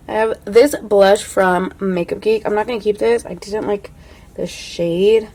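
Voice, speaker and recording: A young adult woman chatting casually through a makeup declutter, full of "like" and dropping to a soft hush when admiring products. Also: medium pitch, steady tone, a little slow, slight background noise. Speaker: beauty vlogger.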